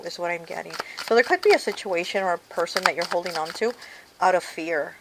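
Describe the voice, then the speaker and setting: A woman with a lowish voice talks briskly over a noisy background. She's a tarot reader giving a casual card reading, speaking straight to the viewer in a chatty way and often saying "okay" and "you know."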